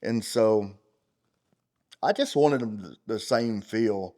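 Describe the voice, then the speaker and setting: A middle-aged man, a champion rodeo roper, talking in an unfiltered interview. He is blunt and profane, rambles with fillers, and gets loud and heated. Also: lowish voice, slow. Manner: rambling, full of fillers like "you know" and "like". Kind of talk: unfiltered casual interview talk.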